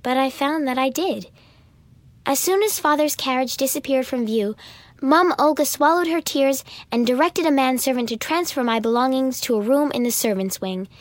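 A woman reads a storybook aloud in the first person, clear and even, with a high voice. The recording is close and dry, with no room sound. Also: dry recording. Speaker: audiobook narrator.

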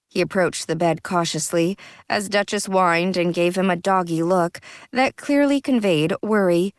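This audiobook narrator is a woman reading a script slowly and deliberately in a lowish voice. The recording is clean studio sound with no room echo at all.

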